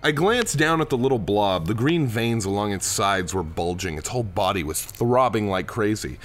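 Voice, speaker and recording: A man's voice: on the low side, animated, normal speed, a bit bright, faint music behind. A man co-hosting a comedy podcast, reading a children's book aloud and breaking off into jokey asides.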